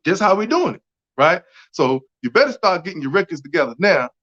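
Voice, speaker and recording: A man's voice: high voice, sing-song, brisk, a bit bright. A man, speaking as a community organizer in an impassioned, emphatic casual talk, often checking in with "right?". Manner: emphatic, repetitive, keeps asking "right?". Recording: dull lo-fi audio.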